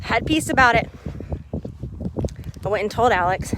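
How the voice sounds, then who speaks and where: A woman, a mindset coach, telling a personal story to her viewers in a casual vlog, animated and laughing often as she acts out what people said. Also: fairly high pitch, normal speed, long pauses, background noise.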